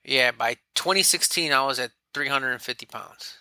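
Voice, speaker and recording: Bright-voiced man telling a candid story. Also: medium pitch, normal speed, smooth, no echo. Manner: candid, animated, quotes himself and others. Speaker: podcast guest. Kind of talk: casual storytelling.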